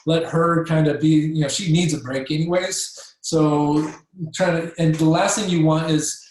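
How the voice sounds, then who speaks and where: A man's voice: on the high side, steady tone, a little slow, darkish tone. A man giving a casual training talk, coaching listeners and acting out sample conversations with patients. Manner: coaching, checks in with listeners with frequent "okay?". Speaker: chiropractic practice trainer. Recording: very echoey room.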